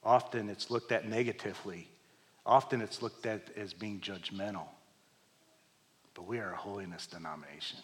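A man preaching a sermon to his congregation, asking them questions and swinging between loud emphatic peaks and hushed low lines. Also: normal speed. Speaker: pastor. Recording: long hall reverb.

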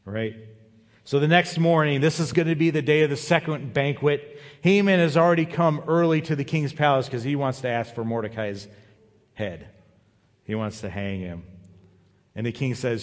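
A pastor preaching a sermon, retelling a story with lively voices for its characters. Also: male voice, medium pitch, normal speed. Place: church sanctuary. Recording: long hall reverb.

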